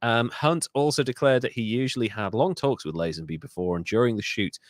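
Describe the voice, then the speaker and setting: A man with an ordinary mid-range voice co-hosts a comedic history podcast. He is animated and swears freely as he tells the story. The sound is dry and close, with no room echo. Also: medium pitch, a little fast. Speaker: podcast co-host.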